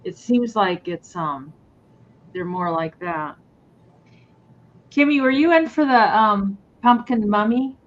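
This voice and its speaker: A woman's voice: medium pitch, animated, slow pace, pauses often, highs cut off. A woman chatting casually as she sells items on a live stream from home, rambling with many fillers. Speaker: live sale seller. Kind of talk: casual live sale chat. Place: at home near the kitchen.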